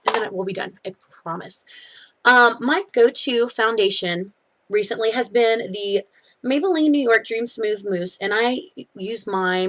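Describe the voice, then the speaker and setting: A young woman giving a casual, chatty review of beauty products, full of fillers and quick self-corrections. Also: mid-range voice, a bit bright. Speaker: beauty vlogger.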